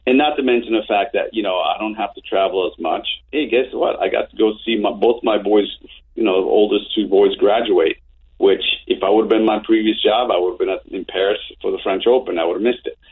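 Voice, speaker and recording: A man in his fifties telling animated anecdotes as an interview guest, with frequent restarts. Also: lowish voice, fairly quick, husky. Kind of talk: casual storytelling. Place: home office. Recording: tinny phone-like line.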